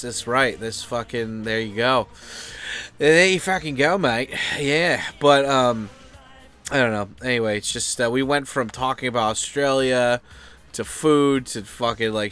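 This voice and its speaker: A man's voice: medium pitch, a bit bright, clean tone. An American man chatting loosely and off-topic, full of fillers, swearing and asides. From United States. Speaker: vlogger. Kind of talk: rambling casual chat.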